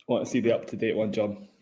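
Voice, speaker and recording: A man's voice: lowish voice, darkish tone, a little hiss or hum. A man co-hosting a live tennis watchalong, chatting casually and offering playful tips. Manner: giving playful tips, laughs often. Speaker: podcast co-host.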